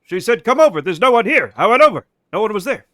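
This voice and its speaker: Streamer doing a gripey old-school stand-up comic guy, bright, high, punchy one-liners. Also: big pitch swings, fast, dry recording, clean studio sound, full character voice. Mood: self-pitying.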